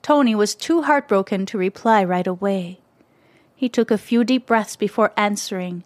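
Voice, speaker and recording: A woman narrating a children's story in a gentle, expressive way, close to the mic. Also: medium pitch, moderate pace, no room sound.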